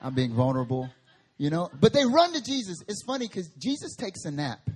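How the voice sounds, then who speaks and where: A man preaching a sermon at a church service, telling Bible stories in an animated way with slang and humor. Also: high voice, a little fast, breathy edge. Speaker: guest preacher.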